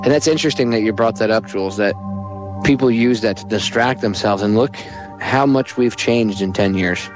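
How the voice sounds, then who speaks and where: A man's voice: fairly low pitch, normal speed, over music. A man hosting a live talk radio show, chatting loosely and addressing the listeners directly. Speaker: radio host.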